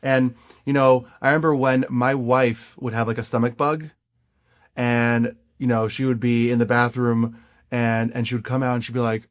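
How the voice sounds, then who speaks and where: A man hosting a podcast interview, talking in a warmly encouraging and playful way, often repeating phrases. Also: medium pitch, flat delivery, normal speed. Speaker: podcast host. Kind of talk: casual interview chat.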